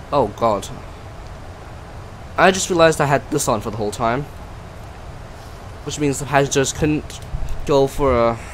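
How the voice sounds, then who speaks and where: A man's voice: medium pitch, a little hiss or hum, low-quality recording. A man casually commenting on his flight sim stream, chatty and self-mocking, often trailing off and restarting.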